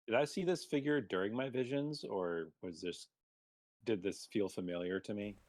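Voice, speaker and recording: A man playing a tabletop game, speaking hesitantly and haltingly with restarts. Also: on the low side, no room sound. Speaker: player. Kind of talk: tabletop role-play.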